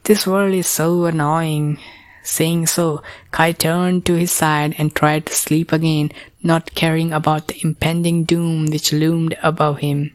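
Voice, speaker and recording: A woman reads a storybook tale aloud in a calm, even manner. Her voice sits low and moves slowly, captured dry and close with no room sound. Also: dry recording. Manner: slow, calm, even reading. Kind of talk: storybook narration.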